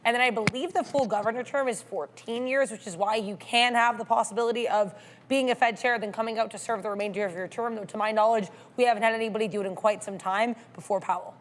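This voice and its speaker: A woman's voice: fairly high pitch, steady tone, fast talker. A woman co-hosting a live stock market show, explaining facts in a precise, informative way. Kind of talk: casual market chat.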